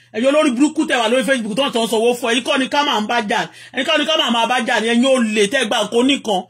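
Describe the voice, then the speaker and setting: A Nigerian man, a Yoruba native, delivers an angry, repetitive live rant. He mixes English and Yoruba. His voice sits very high and has a husky edge, and he talks fast. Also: fairly bright tone. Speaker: vlogger.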